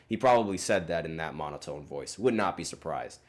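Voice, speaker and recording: Low-voiced man, rambling sports talk. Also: animated, a little fast, hardly any pauses. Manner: rambling, hesitant, many fillers and self-corrections. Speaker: sports podcast host. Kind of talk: casual solo sports commentary.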